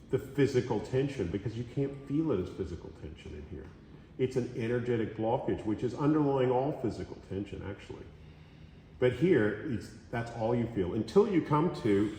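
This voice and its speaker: A man teaching a hands-on massage class in a relaxed, conversational way, often checking in with his students. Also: mid-range voice, slight background noise. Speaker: massage instructor. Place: training room during a course. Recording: roomy echo with long reverb.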